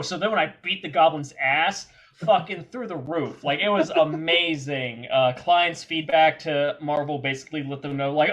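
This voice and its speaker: A man telling stories as a podcast guest, animated and freely cursing. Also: a little high. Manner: animated, profane, quick anecdotes. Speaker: guest filmmaker and performer. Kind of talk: casual storytelling.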